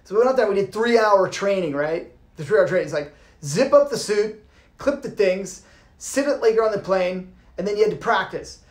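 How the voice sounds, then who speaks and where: A man, a yoga teacher, giving an informal talk and telling a lively story, swearing casually and acting out the people in it. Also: high-pitched, normal speed. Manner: animated, swears casually, acts out voices. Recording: roomy echo.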